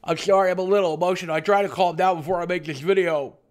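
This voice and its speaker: A man's voice: high voice, fairly even intonation, quick pace, close to an everyday voice. A man voicing an angry, hot-tempered male gamer fan who rants, swears and stammers over his words in a comedic rant to camera. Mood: upset, emotional. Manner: shouting rant, stammering repeats, heavy swearing.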